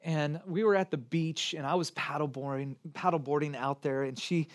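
A man in his forties preaching a sermon, moving between gentle near-whispers and urgent appeals. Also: a little high, fairly even intonation, moderate pace. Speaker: pastor.

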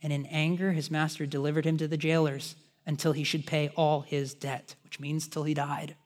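A man preaching a sermon, casual and animated, speaking straight to his congregation with friendly asides. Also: on the high side. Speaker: pastor.

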